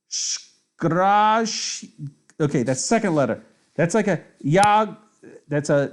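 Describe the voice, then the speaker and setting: A tipsy man streams his chess games in a rambling, profane, self-mocking way. His voice sits a bit high for a man. He drawls his words out slowly. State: tipsy from drinks. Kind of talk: casual live-stream commentary.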